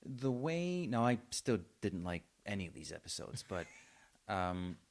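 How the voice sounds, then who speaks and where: Wry lower-voiced male podcast co-host. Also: sing-song, measured pace, vocal fry. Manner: wry, joking. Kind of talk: casual chat.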